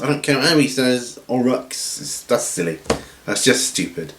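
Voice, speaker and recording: A man hosting a hobby channel from home, chatting casually through viewer questions in a rambling, relaxed way with lots of ums and restarts. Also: mid-range voice, unhurried, gravelly, a little hiss or hum. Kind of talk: casual Q&A chat. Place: at home, seated with feet up. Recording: roomy room echo.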